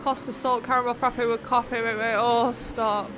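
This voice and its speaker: A young woman hosting and commentating on a sim-racing stream, chatting playfully between race calls and getting excited at close battles. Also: fairly high pitch, normal speed, background noise.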